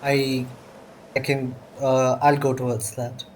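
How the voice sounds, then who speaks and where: A man playing a tabletop game, hesitant and halting with fillers. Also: medium pitch, completely flat delivery, a little mellow, slight background noise, rough recording. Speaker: player. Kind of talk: casual game play.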